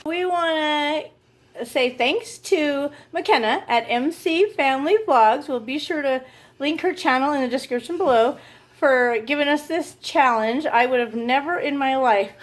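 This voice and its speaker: A woman's voice: high-pitched, measured pace. A woman hosting a casual family vlog, gushing and encouraging in a motherly way. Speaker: family vlog host, parent.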